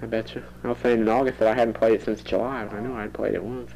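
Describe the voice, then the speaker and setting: A man's voice: lowish voice, flat delivery, fast talker, creaky, a little mellow, slight background noise, poor audio. A teenage boy rambling into a home cassette recorder for his audio diary, chatty and prone to giggling. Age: teens. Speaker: student keeping a tape diary.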